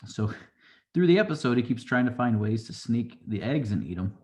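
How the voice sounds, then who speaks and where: A man's voice: mid-range voice, animated, normal speed, darkish tone. A man casually recapping a show episode, rambling along and acting out quotes from the characters. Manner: rambling, loose retelling with acted-out quotes. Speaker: show reviewer.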